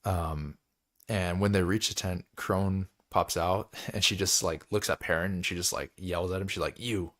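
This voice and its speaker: Low-voiced man, rambling casual recap. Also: steady tone, moderate pace, fairly bright tone. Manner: rambling, filler-heavy, laughs often. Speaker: book club host.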